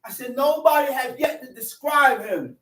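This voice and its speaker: High-pitched preacher shouting in an echoey room. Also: male voice, moderate pace. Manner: shouts emphasis, repeats phrases, call-and-response. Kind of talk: fiery sermon teaching. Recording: echoey room, distant mic.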